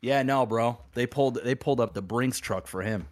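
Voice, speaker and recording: Male podcast co-host, mid-pitched, laid-back and slangy, curses casually. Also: normal speed. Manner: laid-back, slangy, swears, many fillers. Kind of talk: casual chat.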